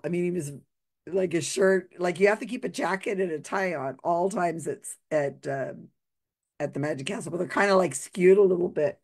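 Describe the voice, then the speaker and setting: A woman's voice: on the low side, normal speed, a little mellow. A woman casually telling a personal anecdote, laughing often and restarting her sentences. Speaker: storyteller sharing a memory.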